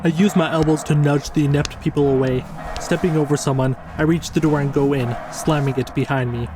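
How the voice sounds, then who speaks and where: A man reading a first-person horror story as scripted narration, measured and tense. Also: fairly high pitch, steady tone, noisy background.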